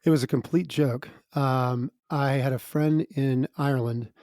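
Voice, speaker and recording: A man's voice: mid-range voice, fairly even intonation, unhurried, darkish tone, no room sound, studio quality. A middle-aged man, a guest musician, telling stories in a chatty way, laughing between lines. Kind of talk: casual storytelling interview.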